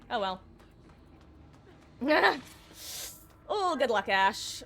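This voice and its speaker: A woman streaming a game live, pleading and exasperated, swinging between loud outbursts and low muttering. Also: sing-song, very slow, vocal fry, pauses often.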